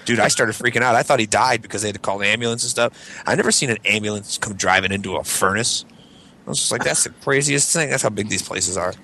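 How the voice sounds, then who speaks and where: A man's voice: lowish voice, fairly even intonation, quick pace, bright, forceful tone, a little hiss or hum. A young man telling a rambling, profane story on a casual group podcast, acting out the voices of the people in it. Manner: rambling, profane, acts out voices in his stories. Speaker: podcast co-host.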